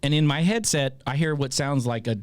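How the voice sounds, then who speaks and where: A man hosting a podcast, telling a long story in a casual, animated way, with a lot of swearing and laughter. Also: medium pitch, fairly quick, smooth, no room sound. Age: adult with a child. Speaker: podcast host.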